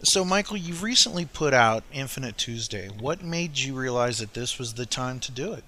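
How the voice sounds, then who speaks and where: A man's voice: medium pitch, expressive, normal speed, sharp tone, a little hiss or hum. A man interviewing an author, asking casual, rambling questions. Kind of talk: conversational interview.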